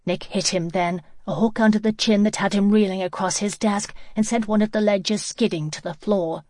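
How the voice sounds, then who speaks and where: A woman narrating a novel in a steady, even storytelling manner. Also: mid-range voice, moderate pace, hardly any pauses, no room sound, clean studio sound. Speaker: audiobook narrator. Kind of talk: scripted narration.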